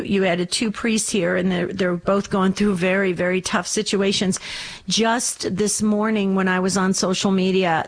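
A woman hosting a Catholic call-in radio show, reassuring callers and praying with them, with lots of quick restarts. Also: medium pitch, rough recording. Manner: warm-hearted, reassuring, talks in quick restarts.

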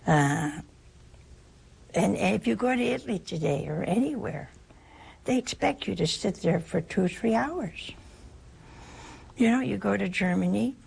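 An older woman from the United States, a religious sister giving an informal spiritual talk in a chatty, anecdotal and gently humorous way. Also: mid-range voice, expressive, a little slow, vocal fry, long pauses, slightly rough.

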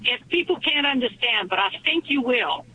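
A woman with a thick Cajun accent, calling in to a radio show to tell a joke as an animated storyteller. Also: on the high side, moderate pace, a little hiss or hum, rough recording. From Louisiana. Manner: animated storyteller, stretches key lines. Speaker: caller.

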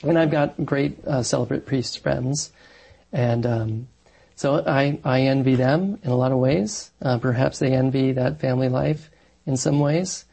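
A man's voice: medium pitch, measured pace, creaky, dark tone, husky. A man who is a married Catholic parish priest, answering interview questions in an earnest, thoughtful way with many fillers and restarts.

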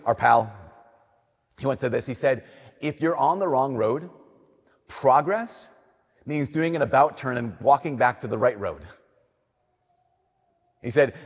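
A young man, a Catholic priest, giving an earnest, conversational homily that drops to soft emphasis. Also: medium pitch, animated, moderate pace, long pauses, slightly rough. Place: church. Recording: long church reverb.

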